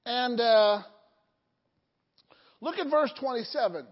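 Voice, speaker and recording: High-voiced woman preaching in an echoing hall. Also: slow. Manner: asks the congregation questions, joking asides. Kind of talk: sermon. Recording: dull lo-fi hall recording.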